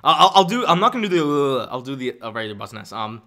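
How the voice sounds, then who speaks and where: A young man chatting casually on a live stream, animated and laughing often, stumbling and restarting his sentences. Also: mid-range voice, racing.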